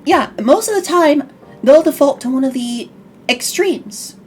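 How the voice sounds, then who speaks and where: Lively high-voiced woman hosting a chat. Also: a little slow, soft background music. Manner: animated, jokey, drops into put-on accents. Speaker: talk show host. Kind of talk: casual chat on a vtuber stream.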